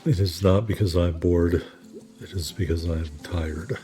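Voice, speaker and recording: A man's voice: low voice, steady tone, unhurried, mellow, soft background music. A tired, yawning man hosting a gameplay video, chatting casually with apologetic asides to his viewers. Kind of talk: casual let's play commentary.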